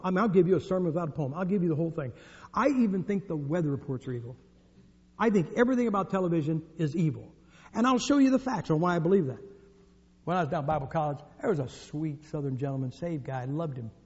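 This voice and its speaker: Here a man from the northern United States, his voice a little high and darkish, gives a sermon in an echoey hall. The audio is dull and lo-fi as he delivers jokes and stories with emphasis.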